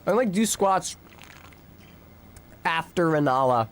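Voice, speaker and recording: A man's voice: on the high side, animated, slow pace. A young American man streaming a game, chatting casually and swearing often while he answers his chat and rambles between fights. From United States.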